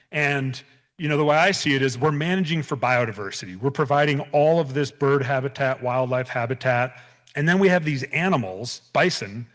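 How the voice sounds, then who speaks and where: A man in his thirties, a bison rancher giving a public talk, earnest and prone to restarts and repeated words. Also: medium pitch. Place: event hall.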